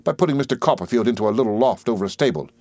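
A man reading an audiobook, voicing a jaunty, self-assured young gentleman. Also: mid-range voice, expressive, racing, no echo, natural voice. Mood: breezy. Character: breezy, confident young gentleman. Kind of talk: audiobook character voice.

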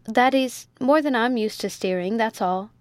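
A woman's voice: fairly high pitch, moderate pace, no echo, natural voice. A woman reading a story aloud, voicing a meek young male ship's mate who stammers politely.

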